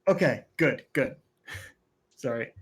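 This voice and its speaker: A woman's voice: a bass voice, animated, slow. Woman playing a tabletop game, kinda tentative, bouncy voice. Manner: tentative, hedging. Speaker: player. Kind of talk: casual tabletop play.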